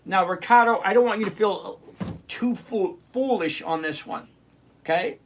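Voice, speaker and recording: High-voiced man hosting a live trading stream. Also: a little hiss or hum. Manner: chatty, teasing, greets viewers by name, slows down to explain. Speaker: livestream trading show host. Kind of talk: live-stream chat answering viewer comments.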